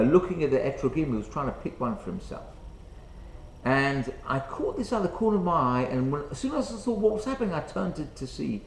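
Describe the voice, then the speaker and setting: A middle-aged rabbi tells a story as part of a sermon, often pausing on fillers. His voice sits high and swings widely in pitch. The sound carries a roomy echo. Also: a little hiss or hum. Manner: animated, halting storyteller with many fillers.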